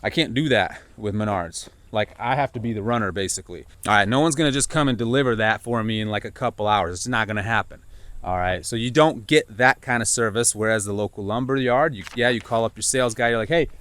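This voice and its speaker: Rambling man chatting to camera. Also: quick pace. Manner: rambling, animated, jumps pitch when quoting himself. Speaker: owner builder vlogger. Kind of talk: casual talk to camera. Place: outdoors on a building site.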